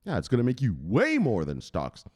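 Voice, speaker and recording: A man's voice: mid-range voice, wildly swooping pitch, a little fast, darkish tone. A man hosting a crypto news vlog in a casual, blunt and profane way.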